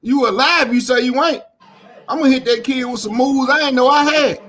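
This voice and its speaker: A man with a strikingly high-pitched voice talks through a reaction commentary in a loose, heated way. He circles back over the same points, swears freely, and climbs into outright shouting when he gets indignant. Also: a little fast. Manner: blunt, heated, repeats himself, swears freely.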